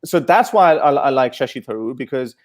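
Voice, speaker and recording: A man in a casual panel discussion, telling stories in an animated way with many restarts and fillers. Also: medium pitch, fairly quick.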